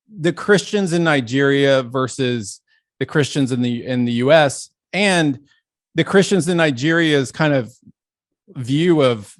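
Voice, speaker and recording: A man's voice: medium pitch, no echo, clean studio sound. A man hosting an interview, affirming his guest and asking open questions. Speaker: podcast host. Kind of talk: interview conversation.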